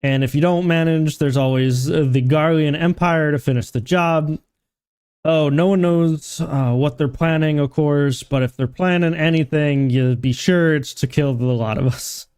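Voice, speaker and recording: A man's voice: a little high, fairly even intonation, moderate pace, darkish tone, clean tone, dry recording, clean studio sound, lightly acted. A man voicing a hearty male tavern keeper as he reads game dialogue aloud, stumbling through it in a vague put-on accent. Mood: gruff, friendly.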